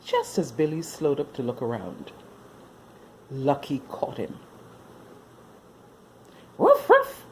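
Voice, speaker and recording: A woman reading a children's story aloud as a storyteller, in an expressive, sing-song manner. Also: rumbling low, a little slow, long pauses, a little hiss or hum.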